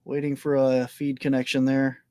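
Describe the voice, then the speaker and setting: Male live-show host, relaxed and joking, mid-range voice, dry close sound. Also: medium pitch, normal speed, smooth, no echo. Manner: easygoing, jokey, with frequent fillers. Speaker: podcast host. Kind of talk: live online show chat.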